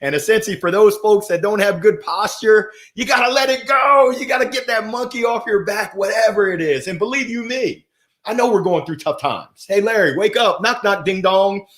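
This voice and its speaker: A man hosting a motivational livestream, talking with playful energy and giving shout-outs to viewers. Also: sits high, moderate pace. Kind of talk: upbeat motivational livestream talk. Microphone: gold microphone.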